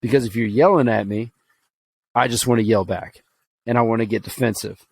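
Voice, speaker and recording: A man's voice: medium pitch, fairly quick, darkish tone, slightly rough, low-quality recording. A man co-hosting a podcast, talking earnestly and reflectively in casual chat. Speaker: podcast co-host.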